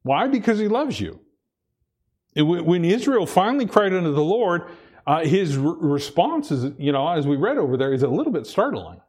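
A man's voice: on the high side, sing-song, normal speed, darkish tone, husky. A man preaching a sermon, earnest, repeating himself and restarting phrases as he presses his point. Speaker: pastor.

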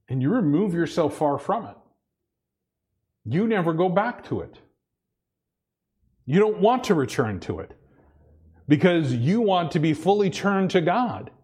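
A man's voice: on the high side, darkish tone, husky. A man preaching a sermon, earnest, repeating himself and restarting phrases as he presses his point. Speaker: pastor.

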